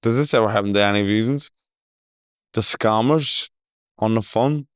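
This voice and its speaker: A man's voice: lowish voice, moderate pace, smooth, no echo, studio quality. A man hosting a podcast in casual chat, telling stories animatedly, swearing freely and laughing often. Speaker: podcast host.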